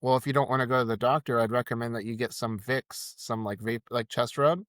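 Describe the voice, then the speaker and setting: A man recounts a rideshare story in relaxed conversation. He gets animated and acts out what people said. The sound is dry and close. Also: mid-range voice, fairly quick, no echo. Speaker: podcast guest, rideshare driver. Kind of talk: casual storytelling chat.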